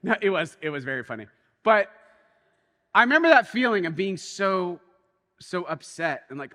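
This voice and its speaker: A man preaches a sermon, his voice high and bright. He tells a story animatedly, dropping quiet and then rising with excitement. A long reverb from the church hall trails behind him. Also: moderate pace. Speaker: pastor.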